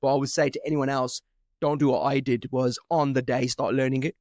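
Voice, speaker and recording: A young man hosting a casual podcast, talking in an animated way with lots of swearing and laughter. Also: mid-range voice, a little fast, no echo, studio quality. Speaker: podcast host.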